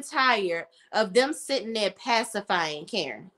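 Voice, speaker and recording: A TV show reviewer with a slightly high voice casually recaps a TV drama at normal speed. She retells scenes dramatically, voicing the characters' lines with lively quoted asides.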